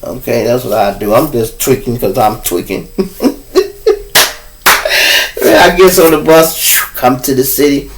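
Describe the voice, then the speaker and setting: A man's voice: medium pitch, measured pace, long pauses, a little hiss or hum, low-quality recording. A man hosting a show and telling loose, profane stories in a casual monologue. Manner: loose, profane, animated storytelling. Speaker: host.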